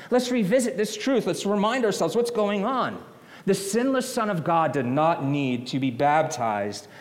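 A man's voice: sits high, big-room sound. A man preaching a sermon, earnest and emphatic, repeating phrases to drive them home. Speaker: pastor. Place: church sanctuary.

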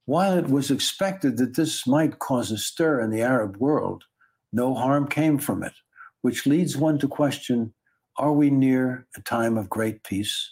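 Male news narrator: husky tone, steady scripted read. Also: medium pitch, a little slow. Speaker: news show host.

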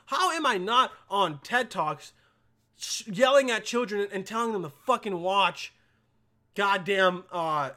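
A young man hosting a podcast in a casual, rambling monologue, swearing constantly and swinging between mumbles and loud outbursts. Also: high-pitched. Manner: profane, rambling, jokey. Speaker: podcast host.

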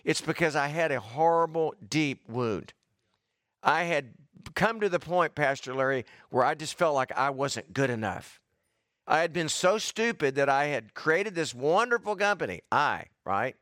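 A man's voice: a little high, animated, unhurried, a bit bright, no echo, clean studio sound. A middle-aged man preaching a sermon in an earnest, conversational way, calling on people in the congregation by name.

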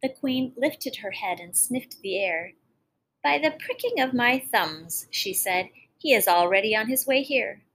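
A woman's voice: a little high, low-quality recording. A woman narrating a fairy tale expressively, with dramatic storybook reading.

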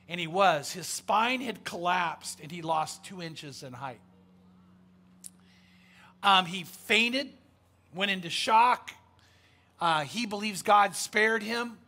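A pastor preaches a sermon in a high-pitched, pushed, bright voice. He tells a story emphatically and conversationally, with lots of fillers.

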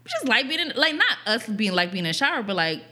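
A young woman co-hosting a podcast, telling a story in casual chat, animated and swearing, with lots of "like" fillers. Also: on the high side, quick pace, husky. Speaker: podcast co-host.

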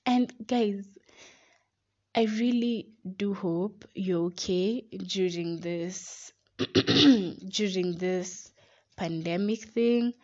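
Speaking very slowly with long pauses, this young podcast host from Kenya has a mid-range, slightly mellow voice. Her motivational talk is casual and chatty, peppered with "like" and addressed to her listeners as "guys," and the lo-fi recording sounds dull.

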